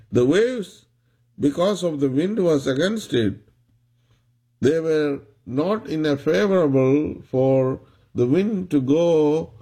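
A man preaching a sermon, retelling a story in a slow, halting way with many restarts. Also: mid-range voice, mellow, slightly rough.

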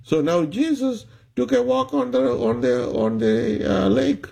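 A man preaching a sermon, retelling a story in a slow, halting way with many restarts. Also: a little high, big pitch swings, vocal fry, dark tone, husky.

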